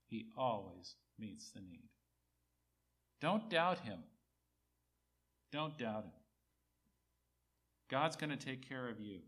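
A man preaching a sermon, repeating key phrases for emphasis, rising on quoted words and dropping low on asides. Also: lively intonation, slow, pauses often. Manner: rises high and loud on quoted speech, drops low on asides.

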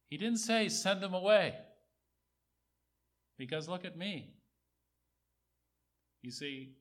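A man preaching a sermon, repeating key phrases for emphasis, rising on quoted words and dropping low on asides. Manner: rises high and loud on quoted speech, drops low on asides.

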